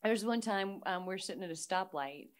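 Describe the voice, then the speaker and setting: A middle-aged woman chatting casually as a guest, an animated storyteller who laughs often. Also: medium pitch, a little fast. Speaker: guest musician. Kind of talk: casual chat.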